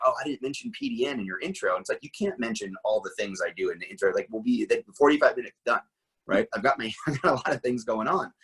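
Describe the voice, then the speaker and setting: A middle-aged man guest speaks in a low, slightly husky voice. He talks in an animated conversational way, piling up asides and rhetorical questions as he explains. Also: poor audio. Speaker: interview guest, firearms trainer.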